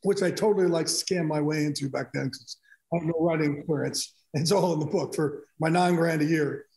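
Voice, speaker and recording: A middle-aged man, a guest who works as a sports broadcaster, tells stories in a casual interview, animatedly acting out conversations in quotes. His voice is fairly high, fairly quick, and creaky. The room is echoey.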